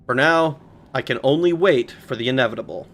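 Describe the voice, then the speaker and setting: A man's voice: medium pitch, a little fast, a bit bright, close to an everyday voice. A man voicing an aging male butler who looks back on his youth, reading game notes aloud in a mock-formal, wistful put-on voice.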